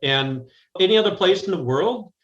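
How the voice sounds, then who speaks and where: A man's voice: high-pitched, animated, moderate pace, a bit bright, reverberant, lo-fi sound. An American man speaking as a guest in a conversational interview, talking directly and often restarting his sentences. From United States. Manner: rambling, frequent restarts, direct. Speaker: guest business strategist. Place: Chicago, remote call.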